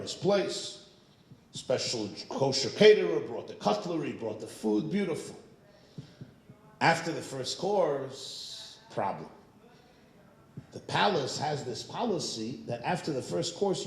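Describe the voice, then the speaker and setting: Humorous rabbi telling a story in an echoey synagogue. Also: male voice, mid-range voice, vocal fry. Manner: anecdotal, humorous. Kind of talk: sermon with storytelling.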